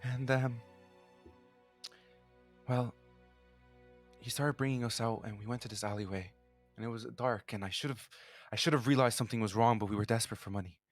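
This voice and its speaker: A man's voice: medium pitch, fairly even intonation, moderate pace, long pauses, soft background music, close to an everyday voice. A man voicing a desperate young woman who lost her sister, speaking hesitantly with many restarts. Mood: grieving.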